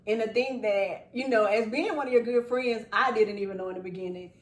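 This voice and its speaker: Animated woman host, echoey room. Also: a little high, fairly quick. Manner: animated, laughing, acts out quotes. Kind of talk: casual chat. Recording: echoey room, far from mic.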